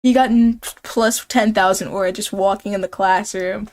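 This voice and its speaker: A woman's voice: mid-range voice, steady tone, moderate pace. A young woman streaming a game, playfully reading its text aloud and chatting with viewers, giggling often.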